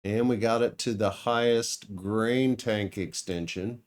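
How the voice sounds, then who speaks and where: A man's voice: on the low side, steady tone, slow pace. A man giving casual commentary over his farming game, musing aloud and chuckling now and then. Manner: musing aloud, thinking out loud with small laughs. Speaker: let's play gamer.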